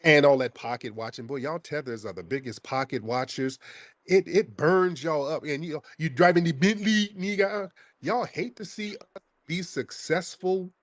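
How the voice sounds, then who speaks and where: A man's voice: a little high, normal speed, no echo, studio quality. A man hosting a call-in show, confronting a caller in a heated, scornful, interrogating way.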